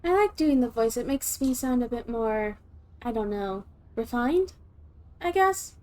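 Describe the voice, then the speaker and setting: A woman from the southern United States chatting on her gaming stream in a soft, calm put-on voice. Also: on the high side, measured pace. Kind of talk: casual gaming stream chat.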